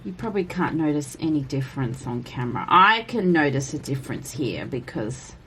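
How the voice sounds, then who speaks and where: A woman chatting casually as she colors for a vlog, rambling with frequent "like" and breaking into a high baby voice for her cats. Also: very animated, brisk, fairly bright tone, slight background noise. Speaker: coloring vlogger. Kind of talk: casual color-and-chat commentary.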